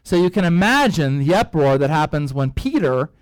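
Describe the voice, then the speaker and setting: A man's voice: fairly high pitch, normal speed, clean tone, no room sound, rough recording. A man teaching a Bible lesson in sermon style, telling the story with energy, acting out characters and wandering into asides with many fillers. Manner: lively storyteller, acts out characters' reactions; rambling with frequent fillers and asides. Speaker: pastor.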